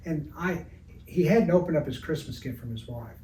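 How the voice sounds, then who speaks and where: A man's voice: on the high side, lively intonation, normal speed, dark tone. An older retired art teacher telling anecdotes in an interview, with a rambling, storytelling manner, in his studio. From Evansville, Indiana area. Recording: roomy, distant mic with faint noise.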